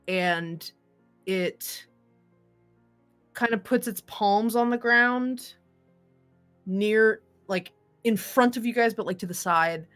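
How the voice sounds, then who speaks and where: A woman's voice: fairly high pitch, a bit bright. A woman narrating a tabletop game as game master, rambling with many fillers and restarts.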